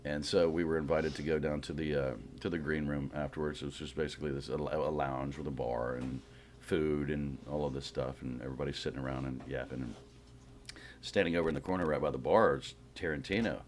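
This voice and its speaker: A middle-aged man, a guest actor, chatting casually and telling rambling, animated stories. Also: very deep voice, a little fast, a little hiss or hum. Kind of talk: casual chat.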